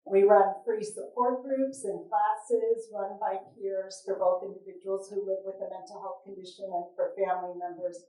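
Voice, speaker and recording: A woman's voice: medium pitch, mellow. A woman, the executive director of a nonprofit, welcoming a live audience and explaining what her organization does. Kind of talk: welcome speech at a live event. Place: event venue before a live audience. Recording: echoey room recorded from a distance.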